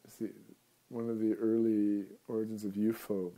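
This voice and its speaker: A man's voice: on the low side, little pitch movement, moderate pace, mellow. A male radio host talking in a casual, rambling monologue, wandering off topic and chuckling often.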